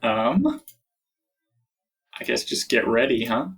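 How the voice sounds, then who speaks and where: Slow, husky male player. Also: mid-range voice, big pitch swings, a bit bright, soft background music. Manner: deliberate, questioning. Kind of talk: tabletop game play.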